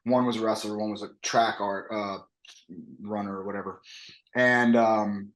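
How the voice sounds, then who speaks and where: Animated storytelling man in an echoey room. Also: fairly low pitch, normal speed. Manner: animated, acts out quoted voices. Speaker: wrestling coach. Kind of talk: casual interview talk, lively storytelling.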